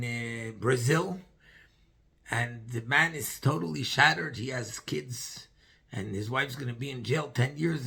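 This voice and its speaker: A rabbi telling a story in a sermon, acting out the dialogue with a husky voice and dropping in Yiddish and Hebrew terms. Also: male voice, on the high side, pushed and bright.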